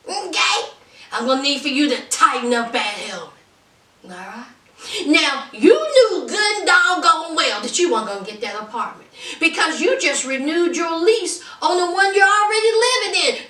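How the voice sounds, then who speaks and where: Sassy, bright-voiced woman recapping. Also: sits high. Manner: sassy, dramatic, teasing. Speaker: reality TV reviewer. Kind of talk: casual recap commentary. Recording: roomy echo, distant from mic.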